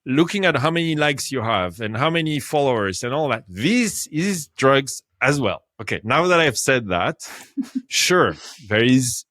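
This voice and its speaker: Speaking unhurriedly in a mid-range voice, a French man in his fifties tells a casual story as a podcast guest. He gets excited and laughs a lot, so his volume jumps up and drops off abruptly. There's no echo; the audio sounds close and dry.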